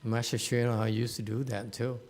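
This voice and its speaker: A man's voice: medium pitch, level tone, normal speed, darkish tone. A man teaching a dharma lecture to students at a meditation center, plain-spoken and teasing, with many fillers and restarts. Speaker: Buddhist teacher.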